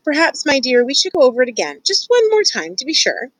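A woman voicing a sly, scheming male rat who speaks with mock-polite, drawn-out courtesy in a storybook reading. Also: sits high, wildly swooping pitch, dry recording, pitched above the performer's own voice, exaggerated voice, poor audio. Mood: patronizing.

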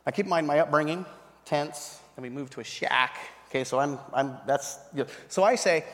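A man in his thirties giving a sermon testimony, telling the story with animated storytelling and acting out the voices of the people in it. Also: fairly high pitch, moderate pace. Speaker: pastor. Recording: reverberant hall.

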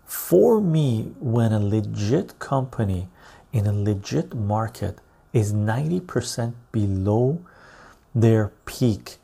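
Gravelly-voiced man musing over stock charts. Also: fairly low pitch, animated, takes it slowly, dark tone. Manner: thinks aloud while searching charts, muttering, with frequent "right?". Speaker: live-stream host. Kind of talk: casual live-stream commentary on stock charts.

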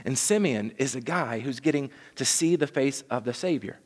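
Earnest preacher in a reverberant hall. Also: male voice, medium pitch, expressive, moderate pace. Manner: earnest, conversational preaching with frequent restarts. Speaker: pastor. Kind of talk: sermon. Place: church sanctuary. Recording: long reverb of a large hall.

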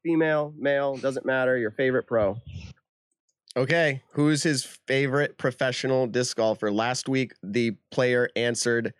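A man's voice: mid-range voice, steady tone, normal speed, clean tone, no room sound, studio quality. A man hosting a podcast game segment, laughing often and keeping the quiz moving with upbeat patter. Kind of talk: casual chat.

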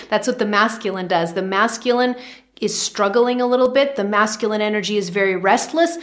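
A woman's voice: mid-range voice, a little fast. A woman giving a spiritual teaching monologue to camera, repeating phrases for emphasis and often checking in with okay.

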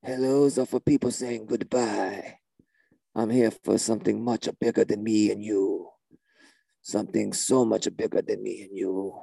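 A man doing a gravelly deadpan shaman. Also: lowish voice, unhurried, no room sound, exaggerated voice. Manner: deadpan, drawling, mystical non sequiturs. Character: spaced-out deadpan male shaman guitarist.

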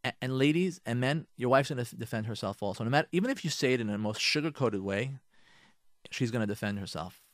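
Talking fast in a mid-range voice, a man hosts a radio advice segment on marriage. Emphatic and repetitive, he speaks directly to listeners and uses Hebrew and Yiddish religious vocabulary. The sound is dry and clean, like a studio.

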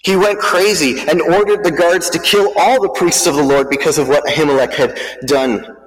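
A preacher voicing a breathless, frightened priest. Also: male voice, a little high, normal speed, long reverb tail, natural voice, rough recording. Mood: shaken. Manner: urgent, grieving report. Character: frightened, breathless male priest fleeing a massacre.

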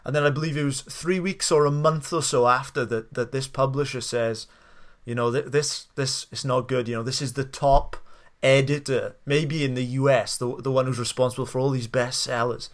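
A man's voice: medium pitch, steady tone, normal speed. A male podcast host in an interview, friendly and curious. He retells his guest's story with small hesitations before he asks the next question.

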